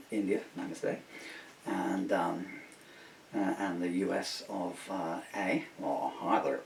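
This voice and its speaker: A man's voice: deep voice, gravelly, darkish tone. Joking man rambling in a roomy room. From United Kingdom. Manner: joking, chuckling, digressive. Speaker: singer-songwriter vlogger. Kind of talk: rambling casual monologue. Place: home room. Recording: roomy, distant mic, faint hiss.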